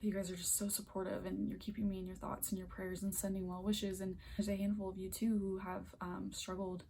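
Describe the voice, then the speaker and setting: A woman's voice: mid-range voice, little pitch movement, a little fast, gravelly, dark tone, slight background noise. A young woman vlogging at home into a phone camera, earnest and emotional, close to tears, often dropping to a near-whisper as she rambles. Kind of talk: emotional personal vlog.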